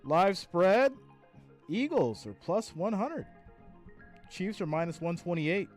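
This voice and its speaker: Faint music sits behind a high-pitched, very animated man who speaks slowly with a slightly mellow tone. Tired, he hosts a live stream, doing casual play-by-play and laughingly reading chat comments aloud.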